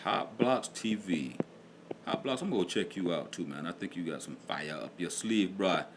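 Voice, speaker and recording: A man's voice: sits low, expressive, normal speed, noisy background. A middle-aged man hosting a casual livestream, chatting in a laid-back way and reading out viewers' comments. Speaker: livestream host and music producer.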